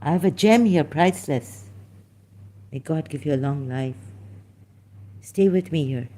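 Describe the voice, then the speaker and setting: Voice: mid-range voice, a little slow, warm tone. A livestream host effusively thanking a viewer, repeating the thanks, laughing often and slipping into Hindi phrases.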